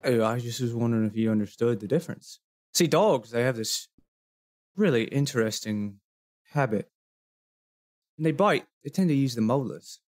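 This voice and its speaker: A man's voice: mid-range voice, lively intonation, moderate pace, pauses often, a little mellow, close to an everyday voice. A man voicing a cocky young adventurer who talks in slang, calls people mate and makes veiled threats. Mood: veiled menace. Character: cocky young male adventurer, quietly menacing.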